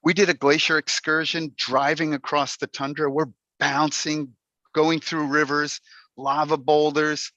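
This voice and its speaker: A man's voice: fairly high pitch, flat delivery, a little slow, pushed and bright, dry recording. A man giving a playful, humorous talk to a Toastmasters club over a video call, putting on mock dismay as he goes. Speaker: Toastmasters speaker. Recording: dull, dry video call audio.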